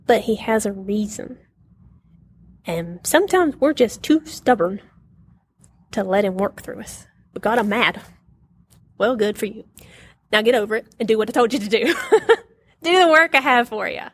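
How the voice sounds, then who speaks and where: A woman's voice: fairly high pitch, expressive, moderate pace, long pauses, no echo, clean studio sound. A middle-aged woman teaching a casual Bible lesson to a group, telling stories with animation, laughing often and acting out quotes.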